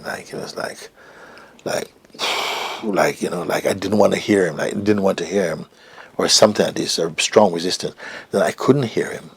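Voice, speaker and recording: Speaking at normal speed in a low voice with vocal fry and a slightly rough edge, this middle-aged spiritual teacher shares a personal story as an interview guest. His telling is thoughtful and halting, occasionally sinking to a whisper.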